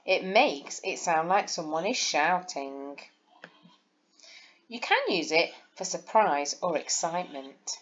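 The audio is dull as a woman speaks slowly in a lowish, expressive, somewhat bright voice. She teaches primary school and is recording a lesson over slides, walking young children through it patiently, one step at a time.

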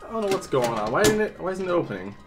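Jumpy, high-voiced man unboxing a toy. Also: big pitch swings, very fast, loud music behind the voice. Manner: exasperated, jumpy, laughing. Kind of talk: casual unboxing commentary.

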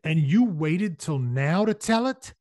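A hard, clipped frontier gunman barks orders, as a man reading a novel aloud puts him on, his voice pitched a little higher than the narration and cutting through the room. The delivery is sharp and decisive, with a dry, close sound and no room echo. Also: animated, unhurried. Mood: commanding. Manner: sharp, clipped, taking charge. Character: sharp commanding frontier gunman, male adult.

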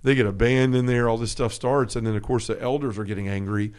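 A man co-hosting a faith podcast in a relaxed chat. He tells a story with energy and acts out the quotes. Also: medium pitch, fast talker, clear, resonant tone. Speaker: podcast co-host.

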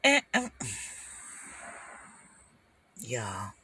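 An older woman, ranting as a delivery driver from her parked car in an animated, repetitive way, swinging from shouting to whispering. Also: very deep voice, very slow, breathy edge. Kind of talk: ranting vlog.

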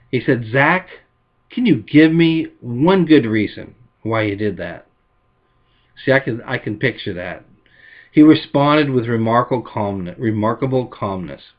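Folksy storytelling pastor, lo-fi recording. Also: male voice. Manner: folksy storytelling, voices quotes with rising pitch. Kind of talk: sermon with illustrative stories.

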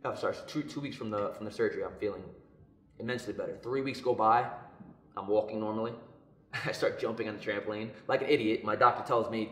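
A young man telling a personal story in a casual podcast chat, lively and acting out what others said. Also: fairly low pitch, quick pace. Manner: animated, acts out quoted voices. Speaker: podcast co-host. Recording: echoey room.

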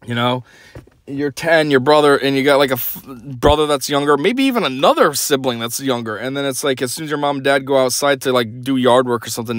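A man's voice: medium pitch, no room sound. A young man hosting a podcast, delivering a blunt, sarcastic opinion rant. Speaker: podcast host.

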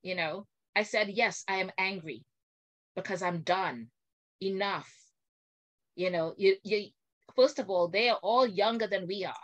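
Older woman guest on a video call, indignant and animated, acts out quotes, mid-pitched. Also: a little slow, pauses often.

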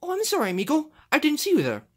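A woman's voice: high voice, huge pitch swings. A woman voicing a cheerful male cactus with a put-on Spanish accent, dropping Spanish words in home toy play-acting. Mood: friendly. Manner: sprinkles Spanish words, drawn-out "oh, see". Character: cheerful male Mexican cactus, friendly and easygoing.

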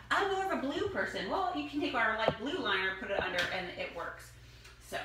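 A woman chatting enthusiastically as she shows off home decor products one by one. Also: medium pitch. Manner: enthusiastic, chatty, gushing over items. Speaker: product demonstrator. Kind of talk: casual product showcase. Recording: echoey room, distant mic, noisy.

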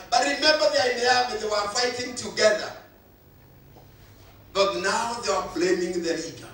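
A man's voice: high-pitched, normal speed, bright, forceful tone, soft background music. A male pastor, preaching a sermon with emphatic repetition. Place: church hall. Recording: echoey hall, voice from far off.

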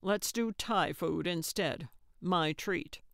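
A woman's voice: on the low side, takes it slowly, gravelly, fairly bright tone, dry recording, clean studio sound, full character voice. A woman voicing a patient, tactful man who answers dryly and placatingly in a storybook reading. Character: patient, tactful younger man, her driver.

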